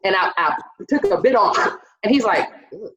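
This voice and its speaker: A woman's voice: medium pitch, lively intonation, normal speed, noisy background. Woman comic, raunchy storyteller, slightly muffled video call sound. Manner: bawdy, profane storytelling with acted-out quotes. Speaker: stand-up comedian. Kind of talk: stand-up comedy set over video call. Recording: roomy, dull video call audio.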